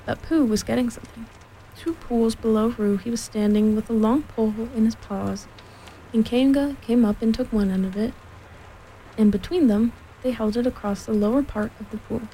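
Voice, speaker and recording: A woman narrating a storybook aloud in a gentle, measured way. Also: on the high side, fairly even intonation, slight background noise, poor audio. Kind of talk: storybook reading.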